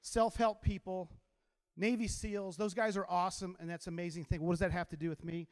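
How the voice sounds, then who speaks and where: Man, teacher, high voice, motivational talk, lively storyteller, long hall reverb. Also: fairly quick. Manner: animated storyteller who gets the crowd to repeat lines. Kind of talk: inspirational talk to a live audience.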